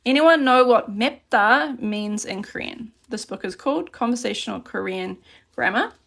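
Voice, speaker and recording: A woman teaching a relaxed, chatty live grammar lesson and reading out questions from chat as she writes on paper at her desk. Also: on the high side, normal speed, gravelly. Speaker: Korean language teacher.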